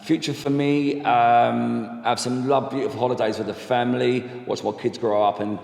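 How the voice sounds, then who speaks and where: A man's voice: medium pitch, flat delivery, moderate pace, vocal fry, darkish tone. A man in his fifties, a podcast guest, talking in an earnest, rambling way with many agreeing fillers, recorded in an echoey room. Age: 50s. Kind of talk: casual chat. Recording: echoey room with long reverb.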